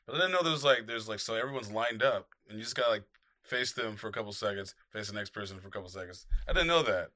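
A man co-hosting a casual chat, excitably recounting an anecdote. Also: lowish voice, fast talker.

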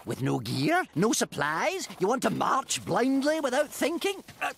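A man voicing an old, rich male duck adventurer with a gravelly Scottish accent and gruff, brusque manner. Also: very high voice, huge pitch swings, unhurried, heavy background noise, exaggerated voice. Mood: exasperated. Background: cartoon score.

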